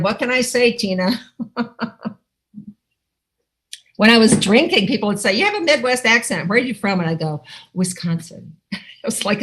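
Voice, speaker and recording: A middle-aged woman from Iowa giving a personal recovery testimony over a video call, animated and laughing often as she acts out quotes. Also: medium pitch, rough recording. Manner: animated storytelling with frequent laughs and acted-out quotes. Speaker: recovery meeting speaker. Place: home, online video call. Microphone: video call microphone.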